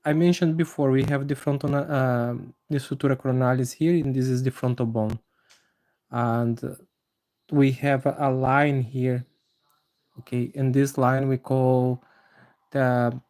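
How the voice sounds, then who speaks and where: Mellow-voiced man teaching live anatomy drawing. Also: mid-range voice. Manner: halting, many fillers and restarts, friendly to viewers. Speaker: anatomy drawing livestream host. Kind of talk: live drawing tutorial with chat greetings.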